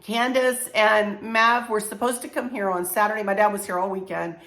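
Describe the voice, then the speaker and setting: Southern lady, voice kinda shot and hoarse, rambly chatty vlog talk, echoey room. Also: mid-range voice, fairly even intonation, normal speed, very noisy. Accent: Southern American. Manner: chatty, rambling, laughs often, many fillers. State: hoarse, strained voice. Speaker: home decor vlogger. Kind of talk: casual chat to camera.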